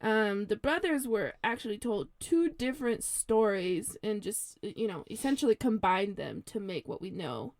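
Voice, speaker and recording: A woman's voice: medium pitch, expressive, moderate pace, hardly any pauses, no echo. A young woman co-hosting a podcast, telling a fairy tale in a chatty, giggly way with lots of ums. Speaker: podcast co-host. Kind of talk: casual storytelling chat.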